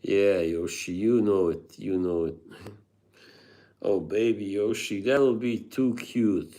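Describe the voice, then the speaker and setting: A man's voice: fairly low pitch, slow pace, dark tone. A man live streaming, chatting casually with viewers, rambling, laughing often and reading chat aloud.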